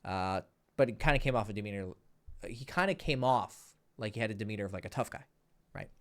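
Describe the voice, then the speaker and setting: A man, a dating coach, telling a story casually, animated, laughing and swearing freely. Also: on the low side, brisk.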